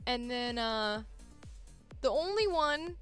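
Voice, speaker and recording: A woman voice actor in casual chat, her voice pitched a bit high. She rambles along, laughs often and fills her pauses, with faint music underneath. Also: lively intonation. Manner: rambling, chatty, laughs often, many fillers. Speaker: voice actor host.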